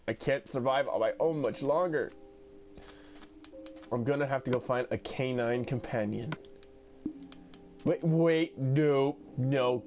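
A man giving solo gameplay commentary, playful and profane, talking to himself and breaking into sudden yells. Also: medium pitch. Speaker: gaming video host.

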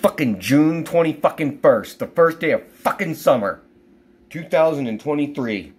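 A man's voice: a little high, animated, normal speed, breathy edge. A middle-aged man in pain, venting angrily and swearing in a personal video diary. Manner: profane, venting, bursts of loud anger. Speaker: vlogger.

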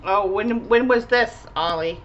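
A young woman and art channel host chatting casually while crafting, laughing often and gently correcting her child. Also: medium pitch, a little slow, lo-fi sound, a little hiss or hum.

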